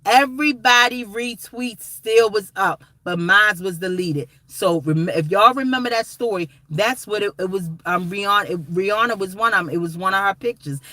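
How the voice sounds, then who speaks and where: Forceful, emphatic woman vlogger. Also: mid-range voice, normal speed, hardly any pauses, no room sound. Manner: emphatic, rambling, addresses viewers as guys and y'all. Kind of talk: casual direct-to-camera commentary.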